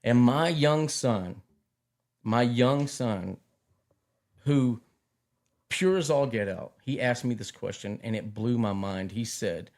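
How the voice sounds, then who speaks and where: A middle-aged man talks at a middle pitch in casual conversation. He tells his stories in an animated way and often repeats his phrases as he goes. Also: takes it slowly, long pauses. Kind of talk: casual chat.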